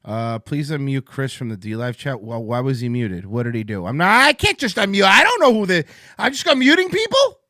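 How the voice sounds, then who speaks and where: Excitable, rambling male podcast host. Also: mid-range voice, brisk, few pauses, no room sound, studio quality. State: amped up on coffee. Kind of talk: casual livestream talk show chat.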